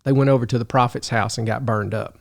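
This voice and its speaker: A man hosting a video who tells a story in casual talk, animated, chuckling often and restarting his sentences. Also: mid-range voice, fast, creaky. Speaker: video host.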